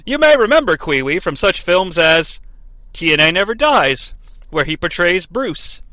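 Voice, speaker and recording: Man, comedy recap host, wry asides, bright, tense tone. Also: high-pitched, big pitch swings, unhurried, no room sound. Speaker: podcast host recapping wrestling.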